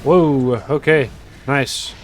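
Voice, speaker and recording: An esports caster with a medium-pitched voice talks extremely slowly as he covers a video game match, with faint music behind. He rambles casually, tosses in joking asides, and says "you know" a lot.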